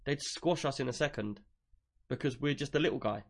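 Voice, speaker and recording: A man's voice: mid-range voice, fairly quick, vocal fry. A man with an English accent co-hosting a casual tech chat show, chatty and jokey, reading listener questions aloud. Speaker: podcast co-host.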